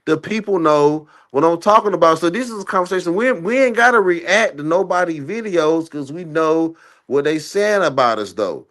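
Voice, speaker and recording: A man hosting a podcast, arguing in a heated casual debate and firing off rapid strings of "no.". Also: a little high, lively intonation, a bit bright. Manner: argumentative, repeats "no" in rapid bursts. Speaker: podcast host.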